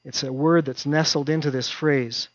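A man's voice: fairly high pitch, steady tone, normal speed, slight background noise. A male pastor preaching a sermon in a conversational way, driving points home through repetition. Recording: dull dry recording.

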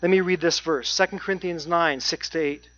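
A preacher giving a sermon, stressing key points by repeating phrases and slowing down on them. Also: mid-range voice, fairly even intonation, a bit bright. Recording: dry, dull lo-fi sound.

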